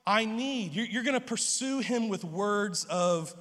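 High-voiced pastor preaching in a reverberant hall. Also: male voice, lively intonation, unhurried, hardly any pauses, pushed and bright. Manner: stammering restarts, joking asides. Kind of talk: sermon.

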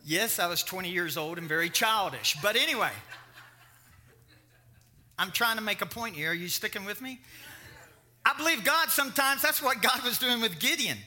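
Middle-aged male preacher, high ringing voice, animated sermon with stories. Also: normal speed, pauses often. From Kentucky. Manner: animated preaching with storytelling asides. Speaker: pastor.

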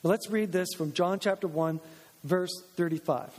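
A man delivers a lively sermon from the pulpit in a high-pitched voice. He leans on repetition and emphatic restatement. The sound trails off in a long church reverb. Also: moderate pace. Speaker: pastor. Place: church sanctuary.

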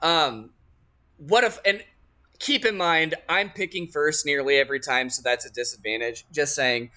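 A young man co-hosting a casual sports chat makes his picks in a slightly high, sharp-toned voice at normal speed. He's profane, wry, and teasing, swearing freely as he goes.

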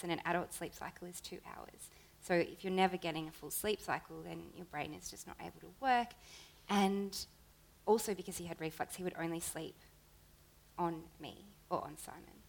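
A woman's voice: on the low side, a little fast, vocal fry, poor audio. A woman, an interview guest, talking earnestly in casual chat with long run-on sentences.

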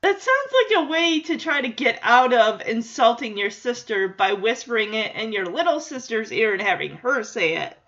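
Woman, casual podcast chat, rambling, thinks aloud, somewhat high voice, dull lo-fi sound. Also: big pitch swings, moderate pace, few pauses, a bit bright. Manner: rambling, chatty, thinks aloud with many restarts. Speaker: podcast host recapping a sitcom episode. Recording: dull lo-fi recording.

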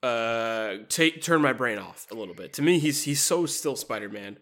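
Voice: mid-range voice, normal speed. A podcast host chatting casually about a movie, laughing often and restarting sentences. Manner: animated, laughing, stumbling restarts. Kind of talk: casual movie review chat.

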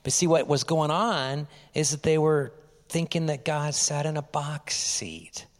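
A male pastor giving a lively, conversational sermon, often dropping to quiet asides. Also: on the high side, unhurried, long reverb tail.

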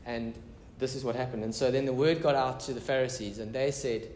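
A man's voice: medium pitch, fairly even intonation, fairly quick, darkish tone, reverberant, slight background noise. A man preaching a casual, conversational sermon as pastor, mixing prayer, scripture reading and chatty asides.

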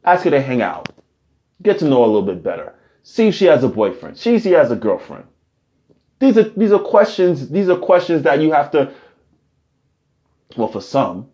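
Animated rambling male podcast host. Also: lo-fi sound. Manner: animated, rambling, swings high and low. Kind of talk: casual comedic monologue.

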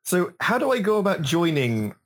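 A man co-hosting a casual podcast, joking and swearing, with quick rushed bursts when telling a story. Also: sits high, big pitch swings. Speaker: podcast co-host. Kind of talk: casual chat. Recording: audio taken from a live stream.

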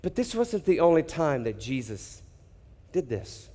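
A man preaching a sermon, dramatic, acting out people's reactions and dropping to hushed emphasis. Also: fairly high pitch, sing-song, unhurried, long reverb tail. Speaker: pastor.

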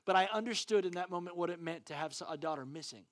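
A man preaching a sermon as pastor, telling stories in a casual, slangy way and loudly acting out the dialogue. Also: high-pitched, fast talker, no echo, studio quality.

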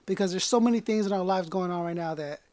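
A man's voice: sits high, fast, darkish tone, dry recording. A man hosting a casual hip hop podcast, talking with loose energy, often repeating and restarting his words. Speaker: podcast host.

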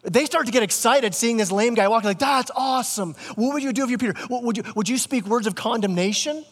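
High-voiced man preaching in a reverberant hall. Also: fast, husky. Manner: casual, conversational preaching with repeated restarts. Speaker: pastor. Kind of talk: sermon. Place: church sanctuary.

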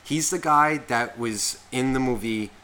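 A man in his thirties tells a story on a podcast in an unscripted, rambling way, peppering it with swearing and endless "like"s. His voice is bright and forward, sitting at an ordinary pitch for a man. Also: a little slow, smooth. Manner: rambling, heavy profanity, constant "like" fillers. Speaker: podcast co-host. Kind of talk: casual storytelling chat.

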